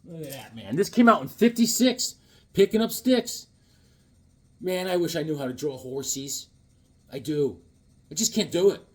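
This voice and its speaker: A man hosting a casual vlog about his comic books, talking in a jokey, animated way with sudden exclamations. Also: fairly high pitch, normal speed, pauses often, breathy edge. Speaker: comic book vlogger. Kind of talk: casual show-and-tell vlog.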